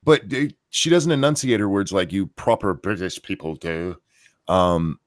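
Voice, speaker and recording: A man's voice: low-pitched, measured pace, no echo, clean studio sound. A man from the United States co-hosting a casual talk show, blunt and fond of crude jokes. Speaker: co-host. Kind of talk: casual chat.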